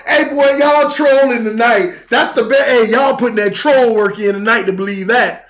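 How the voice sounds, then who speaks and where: Male livestream host, shouty and animated, reverberant room. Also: very high voice, moderate pace, hardly any pauses, muffled recording. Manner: animated, shouting, laughing, talks to chat. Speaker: livestream sports talk host. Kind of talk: heated casual livestream rant. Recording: echoey room with faint music.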